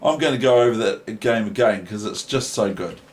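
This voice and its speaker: A man's voice: fairly low pitch, normal speed. A man with a New Zealand accent casually commenting on a chess game as a teacher, delighted and laughing often between remarks.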